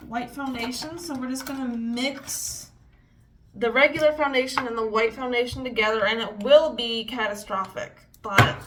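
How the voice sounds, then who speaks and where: A young woman vlogs a makeup routine in a bright, slightly high voice. She talks casually and curses freely. Her frustration comes out in loud exclamations. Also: distant mic, slight background noise. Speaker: beauty vlogger. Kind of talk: casual makeup vlog chat.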